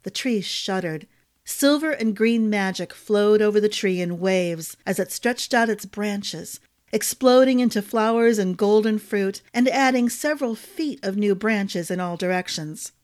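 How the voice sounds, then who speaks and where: A woman's voice: mid-range voice, a little slow, darkish tone. Woman narrating a fantasy podcast.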